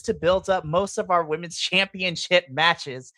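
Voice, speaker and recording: A woman's voice: fairly low pitch, fairly even intonation, a little slow, hardly any pauses, sharp tone, dry recording. A woman hosting a live podcast in a casual chat. She rants with passion, breaking into playful, exaggerated asides. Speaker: podcast host. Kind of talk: casual livestream reaction chat.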